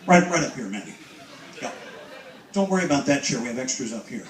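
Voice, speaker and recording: A man performing as a stage hypnotist. He gives slow, soothing trance commands and mixes them with upbeat banter with the audience. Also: mid-range voice, big pitch swings. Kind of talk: live stage hypnosis show. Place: cruise ship show lounge with live audience. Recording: echoey room from far off, loud crowd and noise.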